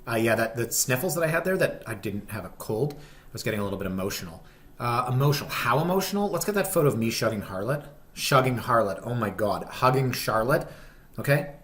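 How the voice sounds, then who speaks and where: A man's voice: medium pitch, very animated, fast, fairly bright tone, slight background noise. A man, a real estate vlogger chatting casually, rambling and self-deprecating with many ums. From Canada. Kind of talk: casual vlog chat.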